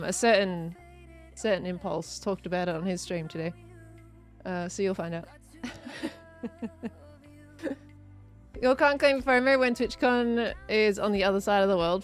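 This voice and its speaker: An Australian woman in her thirties chatting casually on a live game stream, greeting viewers and reading their comments aloud. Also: medium pitch. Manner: chatty, greets viewers and reads chat aloud, frequent laughs. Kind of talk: casual live-stream chat while playing.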